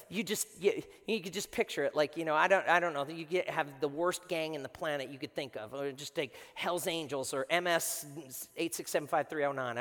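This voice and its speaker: A man preaching a sermon as pastor in a church, animated and conversational, stumbling and restarting as he builds his points. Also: fairly high pitch. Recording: long reverb in a large hall.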